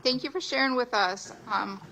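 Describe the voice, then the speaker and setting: A woman attorney in a courtroom, questioning a prospective juror in a polite, measured way. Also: a little high, bright, forceful tone, a little hiss or hum, low-quality recording. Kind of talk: jury selection questioning.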